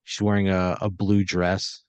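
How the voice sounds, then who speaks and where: Low-voiced man rambling through a story. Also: flat delivery, unhurried, a little mellow, clear, resonant tone, no room sound. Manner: rambling, filler-heavy storytelling. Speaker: improv storyteller. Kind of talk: improvised comedy narration.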